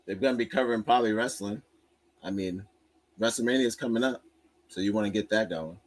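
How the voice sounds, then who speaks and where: A man's voice: fairly low pitch, quick pace. A man hosting a livestream, reacting in a casual, profane and joking way. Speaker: streamer host.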